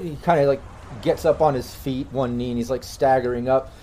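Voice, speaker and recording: A man's voice: medium pitch, fairly quick, mellow, a little hiss or hum. A man running a tabletop game as game master, narrating loosely with many fillers and restarts.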